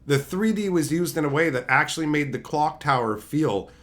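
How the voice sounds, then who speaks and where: A man's voice: fairly high pitch, lively intonation, normal speed, fairly bright tone. A man streaming live, ranting sarcastically and profanely while answering chat. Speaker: streamer reviewing and chatting. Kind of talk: casual livestream rant.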